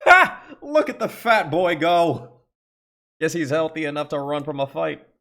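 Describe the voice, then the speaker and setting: A man voicing a gruff, foul-mouthed elderly grandmother who speaks bluntly and coarsely, fiercely protective. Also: low-pitched, normal speed. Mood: scornful. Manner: blunt, coarse rural speech.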